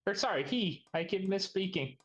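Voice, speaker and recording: A man playing in a tabletop game, chatty and quick to poke fun at himself. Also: high-pitched, expressive. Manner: chatty, self-mocking. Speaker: player. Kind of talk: casual tabletop game chat.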